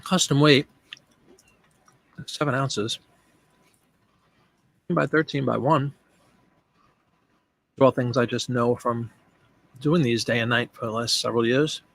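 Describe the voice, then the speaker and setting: A man's voice: mid-range voice, steady tone, takes it slowly, creaky, pauses often, a bit bright. Chatty man hosting a live stream. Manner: chatty, thinks aloud while working, addresses viewers by name. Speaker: live-stream host and online seller. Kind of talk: casual live-stream chat.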